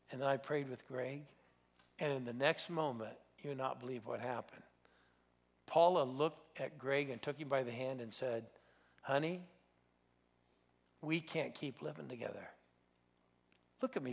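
A middle-aged man preaching a sermon as a storyteller, moving between loud exhortation and hushed intensity. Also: medium pitch, vocal fry, breathy edge. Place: church sanctuary.

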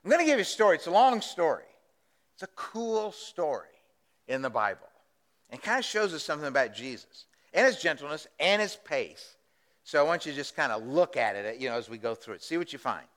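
Pastor preaching, high and bright, chatty with the congregation. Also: male voice, very animated, a little fast, in a large hall. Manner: conversational, asks the congregation questions. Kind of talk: sermon.

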